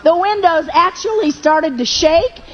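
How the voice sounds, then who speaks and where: A woman's voice: very high voice, a little slow, muffled recording. A woman preacher telling a personal testimony in a sermon, with emotional storytelling that rises into fervent prayer.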